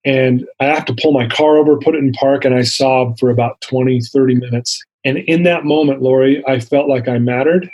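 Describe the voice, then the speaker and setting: Husky man telling a candid story. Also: mid-range voice, steady tone, fairly quick, hardly any pauses, darkish tone, low-quality recording. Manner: earnest, candid storytelling, acting out dialogue. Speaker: interview guest. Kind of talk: storytelling in a podcast interview.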